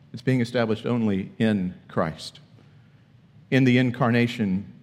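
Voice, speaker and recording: A man preaching a sermon as pastor, emphatic, with high-pitched bursts when acting out questions. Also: a little mellow, long reverb tail.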